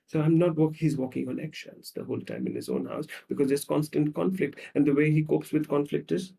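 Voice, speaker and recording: A psychologist talks in an animated, storytelling way, slipping into the voices of the people he describes. His voice is fairly high for a man but mellow in tone. He sits back from the microphone, so he sounds a little distant. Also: a little fast, vocal fry, hardly any pauses. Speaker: psychologist guest.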